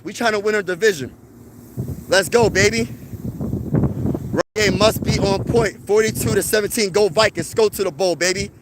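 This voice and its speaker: A man's voice: high voice, fairly bright tone, slight background noise. A man hosting a sports fan live stream, talking in a boastful, hyped-up trash-talk manner.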